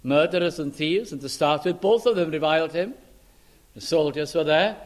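A preacher with a high-pitched voice delivers a sermon, leaning slowly and heavily on quoted scripture. He pauses to put rhetorical questions to his listeners. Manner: slow, emphatic scripture reading with rhetorical questions.

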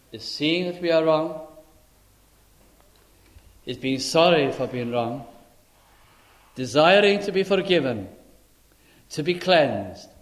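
Slow-speaking preacher man, fairly high voice. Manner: slow, deliberate storytelling with acted-out dialogue. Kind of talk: sermon.

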